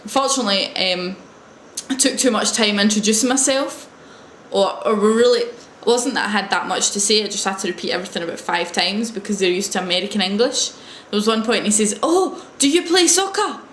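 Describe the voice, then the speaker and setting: A woman's voice: mid-range voice, a little fast, a bit bright, a little hiss or hum. Chatty young woman, roomy sound. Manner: chatty, hesitant, wry storytelling. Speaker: English teaching assistant. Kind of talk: casual video diary. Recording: roomy echo.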